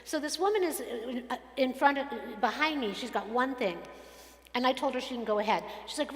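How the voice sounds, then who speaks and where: A woman's voice: sits high, fairly quick. A woman giving a sermon to a congregation, telling everyday stories and acting out the people in them. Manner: animated storytelling, acts out quotes. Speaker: rabbi. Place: synagogue sanctuary. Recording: echoey hall from a distance.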